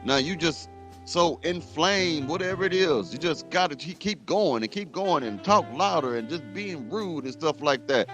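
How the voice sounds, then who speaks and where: A man's voice: a little high, lively intonation, moderate pace, fairly bright tone, soft background music. A man hosting a reaction show, ranting bluntly and heatedly at a clip he is playing. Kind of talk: commentary rant.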